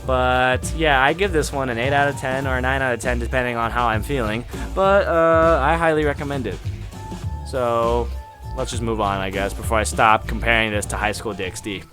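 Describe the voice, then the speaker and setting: A man reviewing anime in a casual, rambling monologue that flares into excitable, profane rants. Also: mid-range voice, normal speed. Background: background music.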